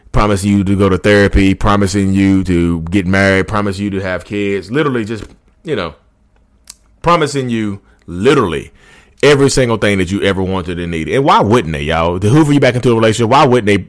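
A man's voice: lowish voice, no room sound, studio quality. A man in his thirties talking casually to his viewers, rambling and calling them "y'all", with passionate ranting bursts. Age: 30s. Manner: chatty and rambling, often addresses viewers as "y'all". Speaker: YouTube channel host. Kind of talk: casual talk to camera.

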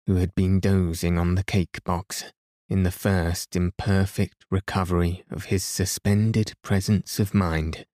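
A man reading a classic story aloud in a calm, gentle way to help listeners fall asleep. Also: low-pitched, no echo, clean studio sound. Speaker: podcast reader. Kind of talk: slow, soothing bedtime story reading.

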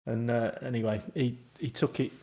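A man of mid pitch tells a podcast story in lively, rapid bursts, breaking into laughter often. He speaks as a former footballer recalling a funny moment, loose and chatty. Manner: animated anecdote-telling, laughing often, quick bursts. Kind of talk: casual chat.

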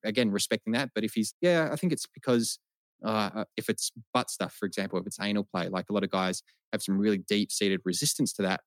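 A man with an Australian accent, a sex coach talking as a podcast guest in a measured way with frequent restarts. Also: on the low side, little pitch movement, dry recording. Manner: measured, uses filler like and restarts. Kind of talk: casual podcast chat.

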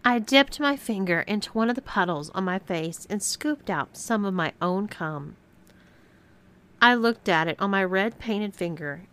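A woman's voice: mid-range voice, fairly bright tone. Woman narrating a first-person story. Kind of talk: scripted erotic story narration.

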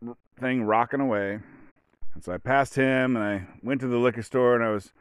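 A man's voice: medium pitch, fairly even intonation, brisk, smooth, dry recording. A man in his late forties, a podcast host telling a long, meandering story in casual, profane chat, full of fillers and restarts. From Oregon, USA. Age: 40s. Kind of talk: rambling casual monologue.

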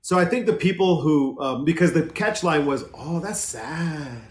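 An animated man speaking a little above the usual male pitch, pressing his points with emphasis and frequent restarts. He sounds like he is in a room with noticeable echo. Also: moderate pace. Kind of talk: casual conversation. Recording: echoey room.

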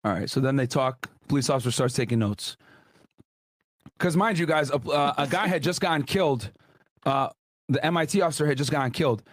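A young man hosting casual reaction commentary, loud and slangy, laughing and swearing often. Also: medium pitch, fairly quick, no room sound. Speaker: commentary host.

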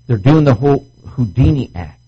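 A man's voice: medium pitch, expressive, moderate pace, breathy edge, muffled recording. A middle-aged male pastor preaching a sermon at a marriage retreat, acting out quoted voices as he goes. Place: marriage retreat meeting room.

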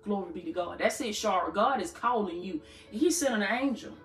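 Over soft background music in a reverberant space, a woman preaches a live-streamed sermon with rhythmic fervor. Her mid-range voice is animated and brisk, and she repeats phrases and calls her listeners "baby" colloquially. She's a preacher and podcast host.

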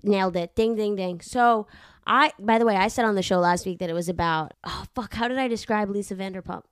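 Smooth-voiced woman podcast host, rambling. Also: mid-range voice, a little fast, dry recording, studio quality. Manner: animated, profane, rambling. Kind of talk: casual chat. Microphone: studio microphone.

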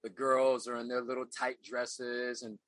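A man's voice: medium pitch, level tone, unhurried, fairly bright tone, no echo, poor audio. A middle-aged man, a podcast guest, telling his life story in an earnest, reflective way, often repeating phrases as he searches for words. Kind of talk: casual interview storytelling.

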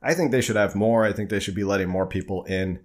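A man with a fairly low voice hosts a casual live stream and answers viewers' questions as they come in. He talks loosely and conversationally, full of fillers and restarts. He grew up in New Jersey. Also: fast talker. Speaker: livestream host.

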